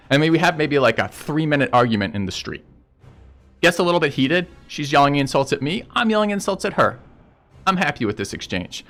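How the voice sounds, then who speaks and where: A man's voice: on the high side, very animated, fairly quick, fairly bright tone, soft background music. A man streaming and telling a story in casual chat with viewers, blunt and profane as he rants about a road dispute.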